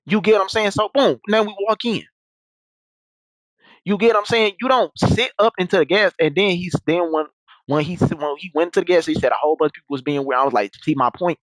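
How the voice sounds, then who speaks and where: Young guy rambling a story, lots of restarts, a bit high pitched. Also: fairly quick, dry recording, rough recording. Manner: rambling, repeats himself, slangy. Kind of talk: casual storytelling.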